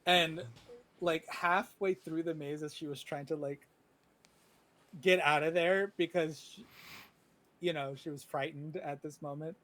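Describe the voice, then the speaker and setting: Brief: a male dungeon master with a fairly high voice, slow and meandering as he narrates. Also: fairly even intonation, fairly bright tone. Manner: unhurried storytelling with many fillers. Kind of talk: narrating a tabletop game over a video call.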